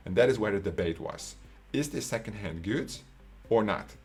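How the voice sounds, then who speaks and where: Low-voiced Dutch man telling a story. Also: lively intonation, moderate pace, a little mellow, breathy edge. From Netherlands. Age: 20s. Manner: casual and profane, often tags lines with "right?". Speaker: online coach. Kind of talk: casual storytelling monologue.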